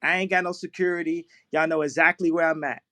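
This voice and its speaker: A man with a fairly high voice speaks over a phone in a live audio chat room. He rambles from one point to the next, jumps between tangents and keeps breaking into laughter. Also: flat delivery, quick pace, pushed and bright. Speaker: guest speaker. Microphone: phone in an online audio chat room.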